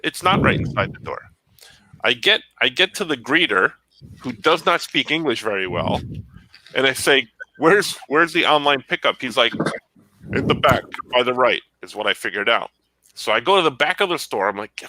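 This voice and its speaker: Animated, bright-voiced man telling a story. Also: mid-range voice, moderate pace, rough recording. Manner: animated storyteller acting out both sides of a conversation. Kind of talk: casual chat.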